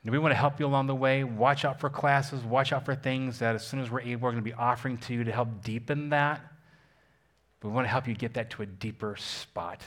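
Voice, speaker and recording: A man's voice: medium pitch, fairly even intonation, fairly quick, a bit bright. Man preaching an emphatic sermon. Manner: emphatic preaching with call-and-response, repeats phrases. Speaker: pastor.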